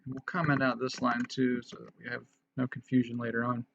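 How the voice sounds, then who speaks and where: A man with a gravelly voice teaches a casual programming tutorial. He thinks aloud as he goes, with restarts and fillers. The sound is dull and lo-fi, with faint keyboard clicks behind him. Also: mid-range voice, level tone, brisk, fairly bright tone, slight background noise. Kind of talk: casual screen-recorded coding tutorial.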